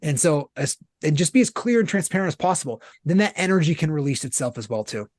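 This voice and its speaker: A man in his thirties giving candid interview answers, blunt and animated, with casual swearing. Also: a little high, quick pace, no room sound, clean studio sound. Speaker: guest, author and business founder.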